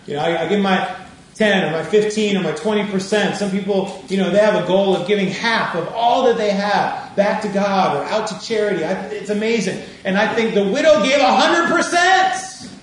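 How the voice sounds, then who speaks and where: A man's voice: high-pitched, fairly quick, slight background noise. A male minister giving a sermon as a conversational storyteller who laughs as he tells a personal story. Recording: echoey room from a distance.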